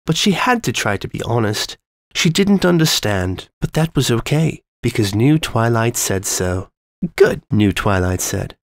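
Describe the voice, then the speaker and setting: A man giving a measured, ominous reading of a dark story to his listeners. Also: mid-range voice, big pitch swings, no room sound. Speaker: story reader.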